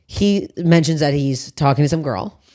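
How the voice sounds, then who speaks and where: A woman's voice: sits low, moderate pace, dark tone. A woman hosting a comedy podcast, chatting brashly with a guest, swearing often and jumping between tangents. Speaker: podcast host. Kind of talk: casual comedic chat.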